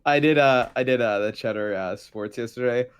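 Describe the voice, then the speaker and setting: A man's voice: mid-range voice, moderate pace, smooth. A man co-hosting an esports podcast, rambling and filling gaps with "like" and "uh", mic held a bit far from his mouth. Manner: rambling, heavy on "like" and "uh". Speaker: podcast co-host. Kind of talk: casual esports chat.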